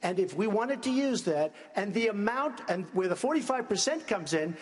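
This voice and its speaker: A man in a large debate hall, answering questions in an emphatic, repetitive way and talking over anyone who cuts in. His voice sits a little high, and a long reverb hangs behind it. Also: expressive, moderate pace. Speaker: presidential debate candidate.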